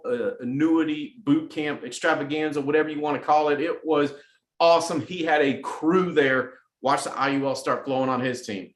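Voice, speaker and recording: A middle-aged man leading a weekly motivational sales meeting, energetic and repeating phrases for emphasis. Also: a little high, roomy sound. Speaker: sales team leader hosting a weekly message. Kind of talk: motivational team address.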